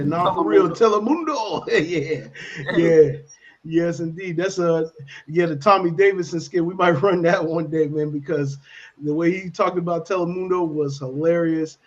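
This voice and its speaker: A man hosting a casual morning talk show, laid-back and repeating his catchphrases. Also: a little high. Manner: laid-back, repeats "you know what I'm saying". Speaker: radio talk show host. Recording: dull lo-fi stream audio.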